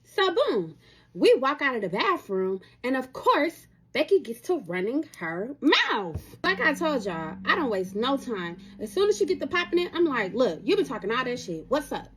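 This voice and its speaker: A young woman telling a dramatic personal story to her viewers in a casual, animated way. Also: sits high, moderate pace, breathy edge. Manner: animated, talks straight to viewers.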